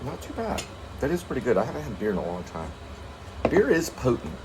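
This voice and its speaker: A man's voice: mid-range voice, huge pitch swings, fairly quick, very noisy. A man co-hosting a casual home chat during a meal, rambling and searching for names as he talks. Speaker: co-host.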